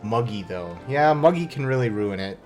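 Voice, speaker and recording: A man's voice: medium pitch, expressive, normal speed, darkish tone. A man streaming a game, chatting casually with joking, profane asides, with faint game music behind. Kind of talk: casual gameplay commentary.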